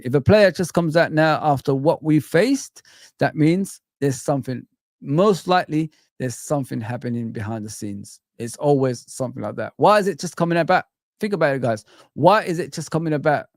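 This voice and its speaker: A man's voice: medium pitch, darkish tone, dry recording, studio quality. A man hosting a casual live-chat stream, talking animatedly and greeting viewers by name. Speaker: livestream host.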